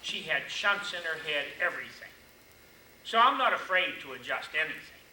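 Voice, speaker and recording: An older man giving a chiropractic lecture, telling folksy, animated stories and acting out the quotes. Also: fairly high pitch, normal speed. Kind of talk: storytelling seminar lecture. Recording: echoey room, far mic, noisy.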